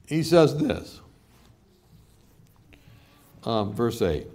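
Animated male preacher telling stories. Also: mid-range voice, moderate pace, long pauses. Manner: animated storytelling with laughter. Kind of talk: sermon.

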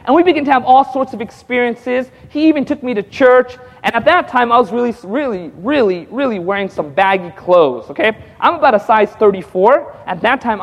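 A man giving his testimony to a congregation as an evangelist. He tells the story lively, acts out the dialogue with frequent chuckles, and calls out to the audience for responses. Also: extremely high pitch, in a large hall.

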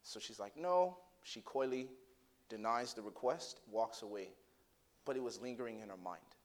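A male pastor preaching a sermon, telling a story in a low hushed voice and then rising into loud, impassioned preaching with rhetorical questions to the congregation. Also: fairly even intonation, moderate pace.

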